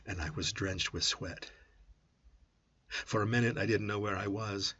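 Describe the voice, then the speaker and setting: A man narrating a first-person story as an audiobook, with an intense, brooding delivery that drops to a hush at times. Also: fairly low pitch, fairly even intonation, a little slow, slightly rough, no room sound. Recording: dull lo-fi audiobook recording.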